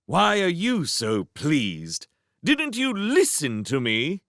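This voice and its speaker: A man's voice: on the high side, wildly swooping pitch, slow pace, fairly bright tone, dry recording, clean studio sound, voice pushed up, full character voice. A man voicing an arrogant, scheming young prince who talks in a theatrical, menacing way.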